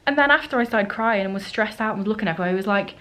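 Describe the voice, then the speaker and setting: In a low-quality recording, a travel vlogger on a solo trip talks to the camera from her holiday rental flat, casually recounting and acting out what people said to her. Her medium-pitched voice races along and sounds a bit bright.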